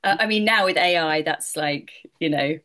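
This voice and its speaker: Middle-aged woman, voiceover pro, relaxed chatty interview talk, a bit low-pitched, laughs easily. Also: moderate pace. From United Kingdom. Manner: chatty, laughs often, many fillers like "like". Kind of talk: casual interview answers.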